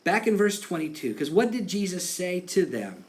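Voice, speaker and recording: Male pastor, casual animated sermon delivery, fairly high voice with lively pitch swings. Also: moderate pace. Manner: conversational, animated, acts out quotes with laughs.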